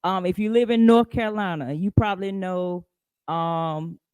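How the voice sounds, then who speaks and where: A woman hosting a live podcast in a casual, chatty way, greeting viewers by name and rising high in pitch for emphasis. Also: normal speed, darkish tone, clear, resonant tone, no room sound. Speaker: podcast host.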